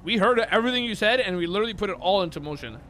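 A man's voice: sits high, animated, racing, a bit bright, a little hiss or hum. A man playing a police officer in a game role-play, arguing in an exasperated back-and-forth.

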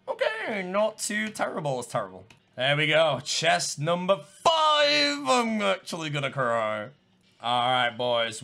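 Excitable gamer, lively and gravelly. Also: male voice, a little high. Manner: excitable, swings between muttering and yelling. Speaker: gaming streamer. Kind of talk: live gameplay commentary.

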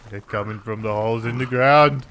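A man giving crude, excitable commentary over a video game playthrough, taunting the characters and cheering loudly. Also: mid-range voice, a little fast, slight background noise. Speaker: gameplay commentator.

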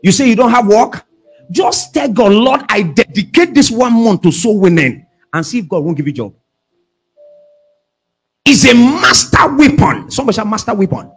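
A man preaching a sermon as pastor, calling out questions for the congregation to answer and shouting at the peaks. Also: high voice, expressive, fairly quick, breathy edge, faint music behind.

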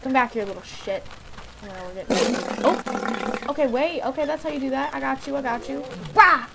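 Young woman gamer, higher voice, blunt and swearing, live commentary over noisy game audio. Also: fairly quick, gravelly. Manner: excitable, swears a lot, talks to the game. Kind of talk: casual gameplay commentary.

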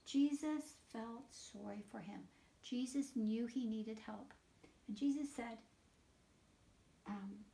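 A woman leading a children's liturgy, reading scripture aloud and explaining it to children in an animated storytelling way, sometimes dropping to a whisper. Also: a little high, slow pace, creaky, pauses often. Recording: voice picked up from a distance.

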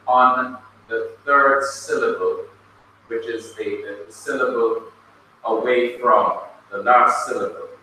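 A Jamaican man teaches a classroom lesson at a very slow, patient pace, spelling words out letter by letter. His voice is bright and forceful. He sounds set back from the mic in a very echoey room with faint noise. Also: medium pitch, far from the mic. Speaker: Bible college teacher. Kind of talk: classroom lecture.

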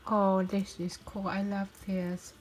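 A woman's voice: mid-range voice, completely flat delivery, slow, noisy background. Giggly woman unboxing toys, crinkly wrappers. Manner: chatty, giggly, cheerful exclamations. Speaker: toy unboxing channel host. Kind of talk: casual toy unboxing vlog. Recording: packaging crinkles and clicks throughout. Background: crinkling packaging.

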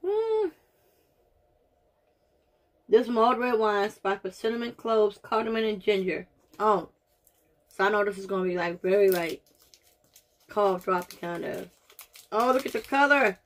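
A woman's voice: medium pitch, expressive, a little slow, pauses often. A woman doing a casual taste-test vlog, groaning and reacting dramatically as she talks straight to her viewers. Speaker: vlogger.

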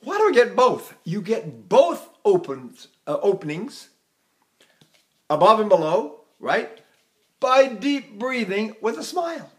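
An older man runs a singing lesson, his speaking voice sitting high for a man. He chats in a loose, animated way and keeps breaking into sung vowels and scales to show his point. Now and then he mimics poor technique with exaggerated sounds. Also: takes it slowly. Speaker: voice teacher.

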